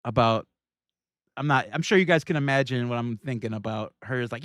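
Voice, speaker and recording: A man's voice: mid-range voice, brisk, fairly bright tone, no echo, studio quality. A man hosting a livestream, reacting to video clips in casual, irreverent commentary and laughing often. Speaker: livestream host.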